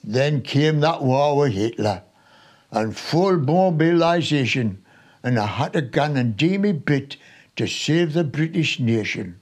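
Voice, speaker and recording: A plain-spoken young North East English lad tells his story in rhyming dialect verse, as a man in his nineties recites it. The lines roll out slowly with a sing-song lilt. The voice sits fairly high for a man. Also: animated. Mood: wry. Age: 90s. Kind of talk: reciting a poem in local dialect.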